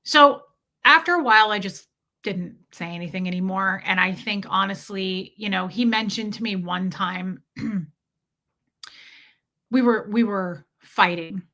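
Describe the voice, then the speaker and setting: Woman, bright tense voice, candid personal storytelling, emotional, halting, swears now and then. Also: medium pitch. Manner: uneasy, halting and self-correcting. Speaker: podcast host telling a personal story.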